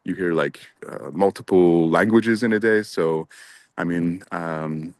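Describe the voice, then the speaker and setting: A man's voice: low-pitched, unhurried, no room sound, studio quality. A man from Canada answering interview questions in a hesitant, thinking-aloud way, with plenty of fillers. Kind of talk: casual conversation.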